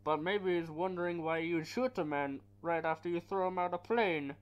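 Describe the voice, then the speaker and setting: A man voicing a masked mercenary villain in a comic film-scene recitation, with a loud, strained, drawn-out delivery. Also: a little high, fairly even intonation, clear, resonant tone, dull audio, voice pushed up, natural voice. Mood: menacing. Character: deep-voiced masked male mercenary villain.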